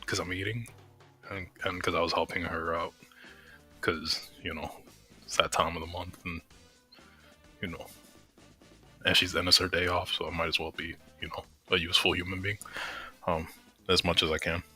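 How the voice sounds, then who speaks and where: A young man with a deep voice and flat delivery rambles and swears casually while streaming a game from home on a desk mic. He talks at normal speed with long pauses and a sharp tone, his chatty commentary full of fillers and restarts. Soft music plays in the background.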